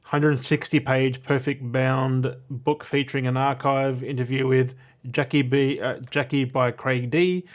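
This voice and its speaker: Blunt vlogger, rambling and offhand, mid-range voice. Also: male voice, mid-range voice, flat delivery, unhurried. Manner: blunt, swears casually, digresses and restarts often. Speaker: YouTuber showing his weekly movie and game pickups. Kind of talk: casual rambling to camera.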